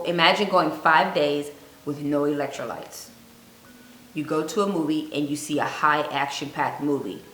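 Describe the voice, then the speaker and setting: A woman giving earnest fasting advice on her vlog, telling a personal story and repeating points for emphasis. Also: low voice, a bit bright. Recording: echoey room with faint music.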